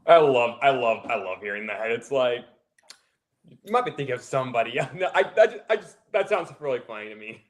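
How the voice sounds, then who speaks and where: A man's voice: mid-range voice, animated, brisk. A man co-hosting a casual podcast who chats in an easygoing way and uses "like" a lot.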